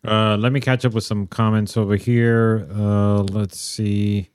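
A man with a low, smooth, resonant voice, reading out viewer comments in a measured way. The sound is dry and close. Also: level tone, a little mellow, dry recording. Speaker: podcast co-host reading live comments. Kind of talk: casual chat.

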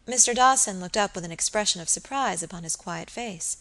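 A woman's voice: mid-range voice, a little fast, few pauses, bright, forceful tone. Woman narrating a Victorian novel. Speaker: audiobook narrator.

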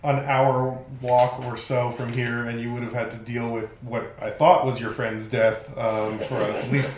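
A man narrating a tabletop game as game master, rambling loosely with frequent ums. His voice sits at an ordinary pitch and has a roomy echo around it. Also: flat delivery, a little slow, a little hiss or hum. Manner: casual, rambling with many ums and laughs.

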